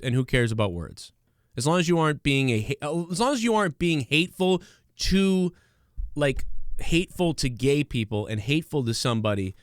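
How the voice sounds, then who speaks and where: Smooth-voiced man ranting on a podcast. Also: mid-range voice, dry recording, clean studio sound. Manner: rambling, profane, lots of fillers and restarts. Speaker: podcast host. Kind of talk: casual comedic rant.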